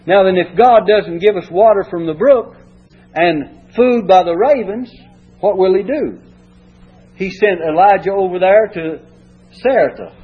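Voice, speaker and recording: A man's voice: fairly high pitch, husky. A man preaching a sermon, reading scripture and explaining it in folksy, homespun words. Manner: folksy, retells stories in plain homespun words. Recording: dull lo-fi recording.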